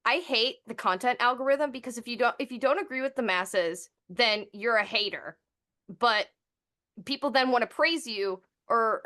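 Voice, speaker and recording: Bright-voiced woman chatting and laughing. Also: a little high. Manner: animated, laughs a lot, swears freely. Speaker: host. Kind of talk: casual podcast chat.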